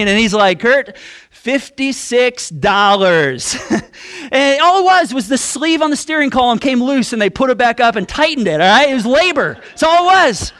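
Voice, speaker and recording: A man preaching a sermon, telling a self-deprecating story in an animated way, with many restarts. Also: high voice. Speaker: pastor.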